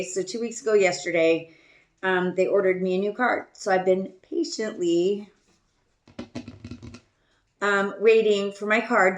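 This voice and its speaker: A woman's voice: mid-range voice, roomy sound. A woman hosting a podcast, telling a casual story in a chatty, self-deprecating way, laughing often and trailing off with ums. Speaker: podcast host.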